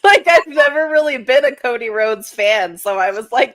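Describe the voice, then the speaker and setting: A woman's voice: a little high, animated, normal speed, a bit bright, dry recording. A married woman guest on a casual talk show, joking with sarcastic asides and laughing often. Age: adult, married. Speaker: guest podcaster. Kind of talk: casual chat.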